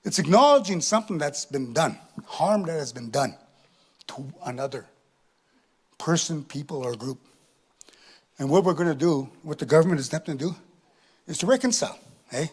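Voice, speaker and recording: Animated comedian guy, high husky voice, keeps tossing in "eh?". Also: normal speed, long pauses. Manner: animated, tag questions with "eh", acts out laughs. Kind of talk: stand-up storytelling. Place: live performance venue.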